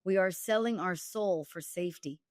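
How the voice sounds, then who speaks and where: A woman's voice: on the low side, moderate pace, darkish tone, dry recording, studio quality. A woman dating coach and author, speaking directly and emphatically as a guest, with wry humor. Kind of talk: candid storytelling interview.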